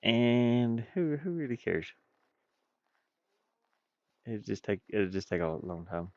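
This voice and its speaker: A man's voice: medium pitch, sing-song, slow pace, no room sound, lo-fi sound. A man with a stuffy nose chatting casually on a live stream while he builds a game, rambling and talking to himself. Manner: rambling, self-talking, chuckles often. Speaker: indie game developer streaming.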